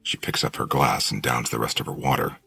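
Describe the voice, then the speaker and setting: A male audiobook narrator with an extremely deep, gravelly, husky voice reads a first-person novel at an even, measured pace. The close-miked recording is dry with no echo, and faint music plays in the background.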